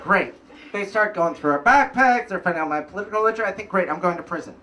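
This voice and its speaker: A man telling a wry, casual personal story at a live story slam, pausing for punchlines. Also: sits high, expressive, bright, forceful tone, distant mic, a little hiss or hum. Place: live event stage.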